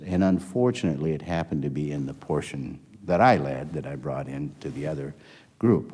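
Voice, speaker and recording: Older man, very low voice, mellow tone, rambling anecdotal interview storytelling. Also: breathy edge. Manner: rambling anecdotal, acts out quoted dialogue. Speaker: interviewee, former health system executive.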